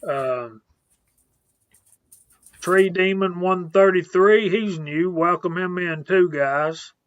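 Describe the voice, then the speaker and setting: Slow-talking man greeting stream viewers. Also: sits high, slight background noise. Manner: reads out viewer names, laid-back. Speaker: live stream host. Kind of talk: casual live stream chat.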